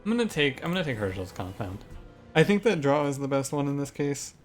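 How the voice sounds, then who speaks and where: A young man streams a card game and talks through each choice in a casual, thinking-aloud way, often restarting his sentences. His voice sits at an ordinary middle pitch, and a little game music plays quietly behind him. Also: big pitch swings, brisk. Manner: thinks aloud, restarts, gets ranting and exasperated. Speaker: gaming streamer. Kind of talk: casual gameplay commentary.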